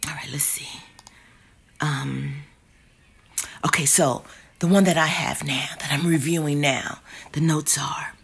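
A woman reviewing candles in a casual vlog, slangy and dramatic, cussing and swinging from mutters to loud outbursts. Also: low voice, fairly even intonation, a little slow, gravelly, long pauses, breathy edge.

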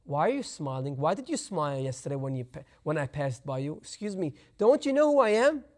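A man's voice: a little high, expressive, fairly quick, pitched below the performer's own voice, natural voice. Man voicing an imperious emperor, questioning, indignant, proud. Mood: menacing. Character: proud, indignant male emperor demanding answers.

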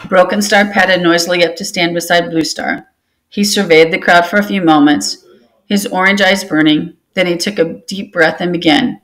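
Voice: medium pitch, steady tone, moderate pace, gravelly, a bit bright. A book club reader reading a novel aloud steadily, with occasional restarts after slips.

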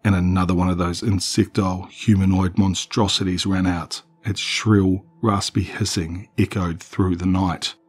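A man narrating a scripted horror story in a measured, dramatic way. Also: deep voice, level tone, slightly rough.

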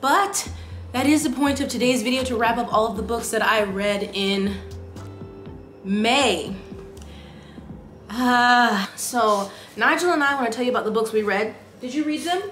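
A woman's voice: fairly high pitch, unhurried, long pauses, fairly bright tone, reverberant, soft background music. A young woman with a congested voice, chatting casually to camera about the books she read. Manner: chatty and self-deprecating. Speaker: booktube vlogger.

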